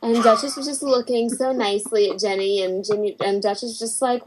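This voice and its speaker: Animated woman telling a story. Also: a little high, quick pace, few pauses, poor audio. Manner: animated storyteller, acts out quotes and barking. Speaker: podcast guest. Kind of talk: casual chat.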